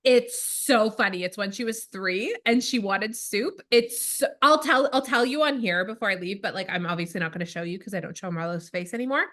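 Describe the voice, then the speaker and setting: A woman's voice: mid-range voice, brisk, few pauses, pushed and bright. A woman in her thirties from Canada, co-hosting a casual podcast, chatty and rambling with frequent laughs. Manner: chatty, rambling, laughs often, lots of fillers. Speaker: podcast co-host; mother. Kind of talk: casual chat.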